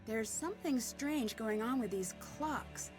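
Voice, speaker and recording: An actress voicing a curious, determined young woman detective in a video game, speaking in a calm, measured way. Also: a little high. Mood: puzzled. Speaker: game character. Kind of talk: voiced game dialogue. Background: game music.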